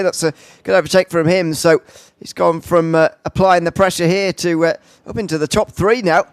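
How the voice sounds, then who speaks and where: A man's voice: on the high side, fairly even intonation, brisk, creaky, dry recording. A man commentating a sim race live, calling overtakes with frequent uhs and restarts. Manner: filler-heavy play-by-play with frequent uhs.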